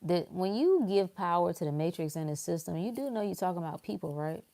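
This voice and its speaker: A woman with a low, gravelly voice hosts a casual spiritual talk. She speaks bluntly and animatedly, jumping from loud emphasis to quiet, hushed asides. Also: lively intonation, brisk.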